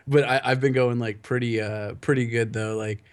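A man's voice: medium pitch, steady tone, moderate pace. Giggly rambling male podcast co-host. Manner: laughs often, rambling with fillers. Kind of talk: casual chat.

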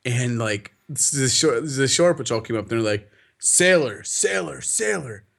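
Profane, animated young podcast host. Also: male voice, medium pitch, normal speed. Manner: profane, animated storyteller, laughs a lot. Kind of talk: casual chat.

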